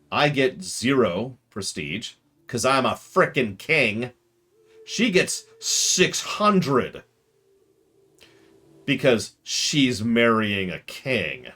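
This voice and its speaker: A man casually commentating a strategy game as he plays, joking and reacting out loud. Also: mid-range voice. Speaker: streamer.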